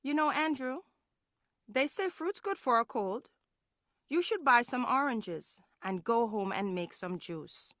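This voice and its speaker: A woman's voice: a little high, animated, a little slow, fairly bright tone, dry recording, studio quality. A woman with a Caribbean English accent voicing a friendly woman in a scripted textbook dialogue. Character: friendly woman meeting an old acquaintance.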